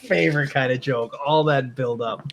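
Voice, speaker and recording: A man's voice: medium pitch, moderate pace, low-quality recording. Man, podcast co-host, casual chat, playful joke-teller, faint background noise. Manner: laughing storyteller telling a groaner joke.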